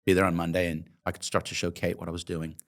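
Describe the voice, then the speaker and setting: A low-voiced man in his fifties, originally from Oregon, talks through his past in a long interview. He is reflective and openly emotional, pausing with hesitant ums as he recalls. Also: level tone. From Oregon, USA. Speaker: guest, coffee company founder. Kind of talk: interview, personal storytelling.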